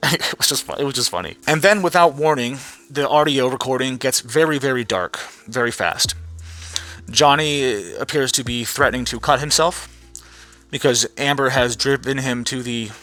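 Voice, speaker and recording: A man's voice: mid-range voice, pushed and bright. A man vlogging with a blunt, sarcastic, profanity-laden rant, sounding tired. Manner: blunt, sarcastic, swears freely.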